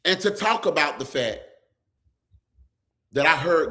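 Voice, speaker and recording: This pastor, hosting a live stream, preaches to the viewers in his comments with a voice on the high side: expressive, bright and forceful, delivered a little slowly. His call-and-response style is full of repeated "come on" calls, and his lines keep breaking into song.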